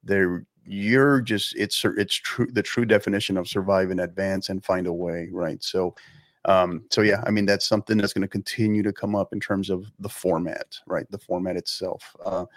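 Low-voiced male sports host. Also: steady tone, normal speed, dry recording, clean studio sound. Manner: conversational, ends points with "right?". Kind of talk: casual interview.

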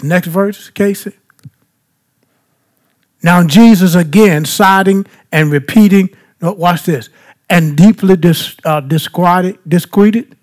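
A man's voice: a little high, a little mellow. A male pastor teaching a Bible passage as a sermon, often asking the congregation questions for them to answer and repeating phrases for emphasis. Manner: asks the congregation rhetorical questions to fill in.

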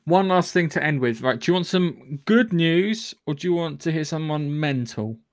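A man co-hosting a podcast, brisk and teasing, swearing casually as he brings up news. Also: a little high, expressive, dry recording, clean studio sound. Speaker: podcast co-host. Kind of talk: casual chat.

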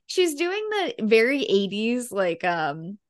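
A woman co-hosting a podcast, chatting casually and loosely with plenty of fillers. Her voice sits slightly high for a woman. Her pitch moves around a lot. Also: sing-song, no room sound, clean studio sound. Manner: chatty, halting, lots of fillers and laughs. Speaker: podcast co-host. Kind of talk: casual chat.

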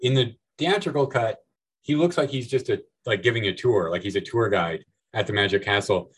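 A man's voice: lowish voice, moderate pace, husky, low-quality recording. A man who is a guest on a podcast, talking loosely about films with many fillers. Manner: loose, rambling, filler-heavy. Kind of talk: casual film discussion.

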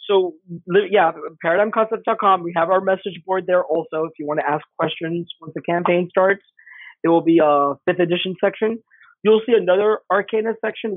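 A man's voice: sits high, dry recording. A middle-aged man, a game designer guest, telling stories in casual chat and acting out the voices in them. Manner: animated, acts out voices in anecdotes. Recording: husky voice over tinny phone line, dry.

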